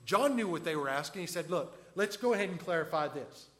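High-voiced preacher teaching scripture. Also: male voice, expressive, a little fast. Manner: conversational, asks the listeners questions; swings between loud emphasis and quiet asides. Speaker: pastor. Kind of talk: expository sermon.

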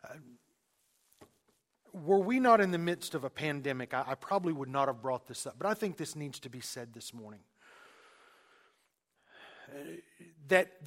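Man, pastor, sermon, emphatic, repetitive, somewhat high voice. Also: fairly bright tone. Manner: emphatic preaching with repetitions and restarts.

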